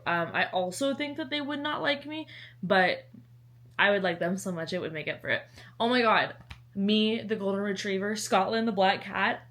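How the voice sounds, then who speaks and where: A woman's voice: mid-range voice, a bit bright. A young woman with a Southern American lilt, talking straight to camera in a casual book vlog. She is chatty and bubbly, with playful dramatic swings in her delivery. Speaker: book vlogger.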